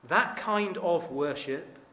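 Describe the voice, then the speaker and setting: A man preaching a sermon, earnest and emphatic, with dramatic rises in pitch and volume. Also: expressive, slow, bright, forceful tone. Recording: echoey hall.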